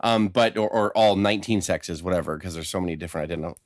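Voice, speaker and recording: A man co-hosting a podcast in casual chat, an animated storyteller who swears freely. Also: low voice, fast, no room sound, clean studio sound. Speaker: podcast co-host.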